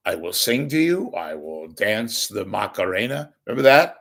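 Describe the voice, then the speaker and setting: Gravelly, hoarse man rambling. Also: on the low side, big pitch swings, normal speed. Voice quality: gravelly, crackling. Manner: wisecracking, self-deprecating, swings from loud to hushed. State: hoarse, congested voice. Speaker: podcast host asking for donations. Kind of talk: rambling comic monologue.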